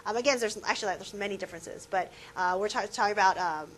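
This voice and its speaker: A woman's voice: medium pitch, fast, fairly bright tone, slight background noise, rough recording. A woman professor giving a classroom lecture, conversational and putting questions to her students. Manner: conversational, asks the class questions, many fillers.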